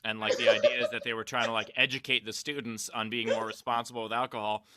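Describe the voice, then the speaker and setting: Talking fast with little pitch movement, this medium-pitched man comes through on a very noisy recording. He's a comedian and podcast host chatting over a video call, laughing his way through profane stories.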